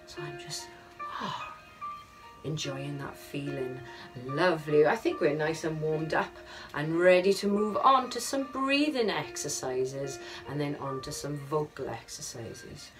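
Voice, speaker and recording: A woman choir leader guiding a vocal warm-up, upbeat and encouraging, counting the group in. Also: low voice, animated, measured pace. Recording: distant mic with music behind.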